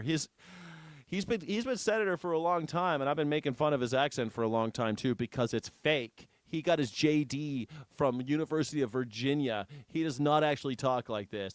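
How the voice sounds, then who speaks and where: A man's voice: medium pitch, fairly quick, no room sound. A man hosting a news reaction show, commenting casually in an irreverent, sarcastic way with some swearing. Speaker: host.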